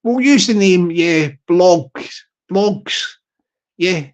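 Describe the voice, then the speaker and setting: Brief: male livestream host, light and high-ish, casual, rambling, stop-start. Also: lively intonation, very slow. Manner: rambling, stop-start, full of restarts and fillers.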